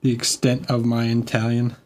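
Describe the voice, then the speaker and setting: A man's voice: mid-range voice, monotone, moderate pace, a little mellow. A man chatting casually and joking with viewers while painting a miniature on a live stream. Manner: joking, chatty, restarts sentences.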